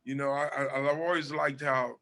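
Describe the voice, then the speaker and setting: A man from Southern California, a guest comedian chatting casually in an interview, telling animated stories and swearing freely. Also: mid-range voice, moderate pace.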